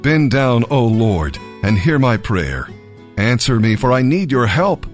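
A man reading scripture and giving devotional commentary in an earnest, expressive way. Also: mid-range voice, measured pace, soft background music. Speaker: Bible reader and devotional speaker.

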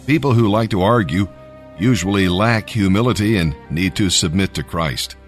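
A man narrating a scripted devotional Bible reading, measured and emphatic. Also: sits low, soft background music.

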